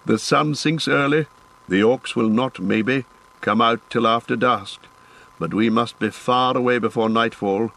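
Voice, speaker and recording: A man voicing a weary, steady human ranger in an audiobook, speaking calmly with quiet urgency. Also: mid-range voice, measured pace, vocal fry, low-quality recording. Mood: urgent. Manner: calm, urgent and commanding. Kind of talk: audiobook character voice.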